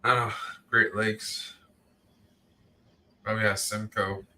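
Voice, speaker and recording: A man's voice: fairly low pitch, little pitch movement, slow pace, pushed and bright. A man whose first language is French, joking and teasing crudely while tasting beer in a casual chat.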